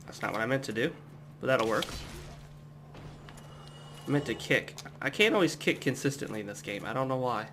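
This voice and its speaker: A young adult man from the United States giving relaxed, rambling commentary as he plays a game at home. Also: mid-range voice, a little hiss or hum. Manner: relaxed, rambling, chatty asides. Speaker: gameplay commentator. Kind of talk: casual let's-play commentary.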